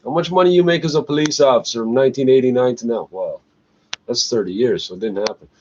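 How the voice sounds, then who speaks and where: A man at an average pitch rants in an angry, sarcastic stream, swearing hard and breaking into laughs between complaints. The recording is muffled and lo-fi, with a faint hiss underneath. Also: fast, a little mellow. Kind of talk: profane ranting monologue.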